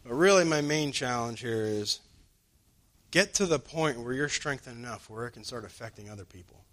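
A man preaching a sermon in a conversational way. He slows down to stress key lines and jumps up in pitch when he acts out what other people say. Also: animated, fairly bright tone.

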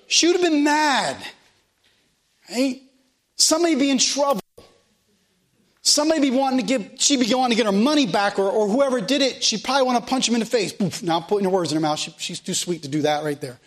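A man's voice: very high voice, expressive, brisk. A man preaching a sermon, emphatic and repetitive, asking the congregation rhetorical questions.

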